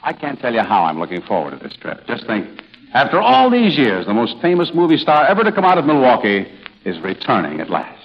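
A man's voice: medium pitch, huge pitch swings, a little fast, breathy edge. A man hosting a 1940s radio comedy, brash and eager, coaching his guest, on a muffled old broadcast.

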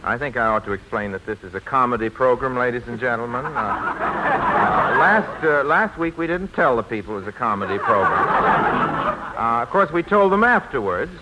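A man's voice: mid-range voice, lively intonation, normal speed. A man hosting a 1940s radio comedy, theatrical and amused. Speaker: host. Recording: noisy old radio broadcast.

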